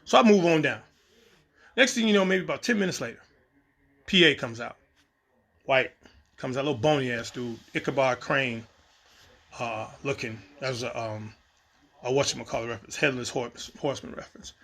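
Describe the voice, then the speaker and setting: A man casually telling a story from his time on set, lively and acting out the exchanges. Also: mid-range voice, normal speed, creaky, long pauses. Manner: animated, acts out quoted exchanges. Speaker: storyteller recounting a set experience.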